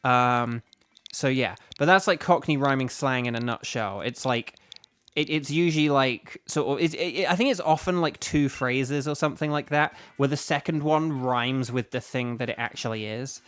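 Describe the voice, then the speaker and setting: A man's voice: medium pitch, moderate pace, a bit bright, smooth. A young British man chatting casually to his stream while playing a video game, rambling with lots of fillers and restarts. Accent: British English. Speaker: streamer and voice actor. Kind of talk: casual gaming livestream chat.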